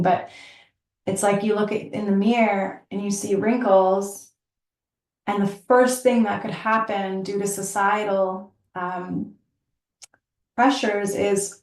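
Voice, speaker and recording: A woman's voice: mid-range voice, darkish tone. A woman yoga teacher giving an earnest, chatty reflective talk, laughing often and full of likes and you-knows. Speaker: yoga teacher and podcast host. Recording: roomy, from a distance.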